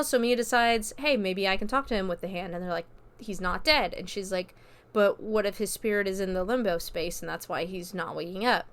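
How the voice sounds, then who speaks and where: A woman's voice: medium pitch, a bit bright, smooth. A woman hosting a podcast, casually recapping a horror movie scene by scene in a chatty manner. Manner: chatty, loose with fillers and quoted dialogue. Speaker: podcast host.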